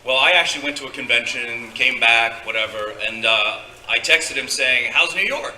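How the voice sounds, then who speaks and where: Storyteller, male, tense bright tone, heard from afar in an echoey hall. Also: mid-range voice, fairly even intonation, moderate pace. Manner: rambling, hesitant with many fillers. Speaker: storyteller guest. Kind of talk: live stage storytelling. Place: convention stage before a live audience. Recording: echoey hall, distant mic.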